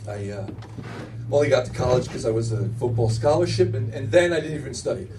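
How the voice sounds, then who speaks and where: A middle-aged stand-up comic works a club crowd, spinning lively stories with many restarts amid audience laughter. His mid-range voice moves fairly quickly, picked up far from the mic with slight hiss or hum and low quality overall.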